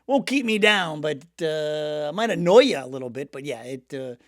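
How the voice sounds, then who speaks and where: A middle-aged man with a high, very animated voice hosts a casual sports chat while a little sick. He rambles and jokes at his own expense. The recording is dry and close. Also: moderate pace, dry recording. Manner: jokey, rambling, laughs at himself. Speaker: sports podcast host.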